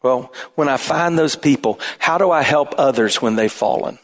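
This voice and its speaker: A man pastor preaching a sermon in an animated way, his voice climbing toward near shouts at times. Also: mid-range voice, normal speed.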